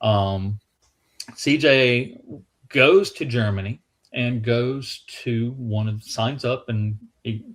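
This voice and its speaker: A man's voice: medium pitch, takes it slowly, a bit bright. Southern-accented man, museum guest, easygoing anecdotal storyteller with frequent restarts. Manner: rambling anecdotal, with restarts and acted quotes. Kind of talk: casual storytelling chat.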